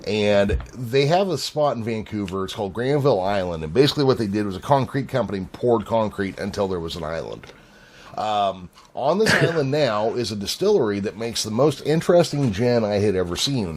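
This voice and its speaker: Man, podcast co-host, low pitch, animated intonation, casual swearing storyteller. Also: a little fast, a little hiss or hum. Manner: lively storyteller, swears freely. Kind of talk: casual chat.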